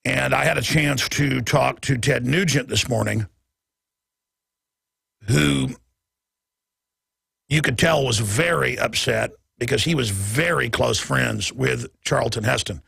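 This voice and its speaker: A man's voice: mid-range voice, takes it slowly, vocal fry, long pauses, bright, forceful tone, husky, no echo, clean studio sound. A man hosting a talk radio show, delivering an emphatic, rambling monologue full of restarts.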